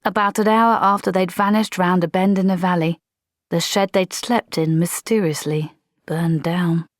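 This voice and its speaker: A woman narrating a comic fantasy audiobook in a dry, measured storytelling manner. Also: on the low side, fairly even intonation, dry recording.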